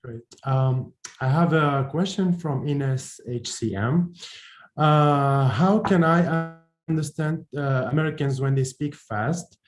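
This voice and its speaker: A man hosting and reading out viewer questions in a relaxed, joking way. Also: fairly high pitch, slow. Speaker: host. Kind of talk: casual talk-show chat. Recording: roomy echo.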